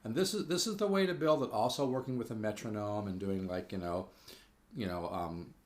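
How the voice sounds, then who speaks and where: A man's voice: lowish voice, a little fast, a little mellow. A man giving a casual spoken guitar lesson, rambling with fillers and restarts and growing enthusiastic. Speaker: guitar teacher. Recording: echoey room with guitar playing.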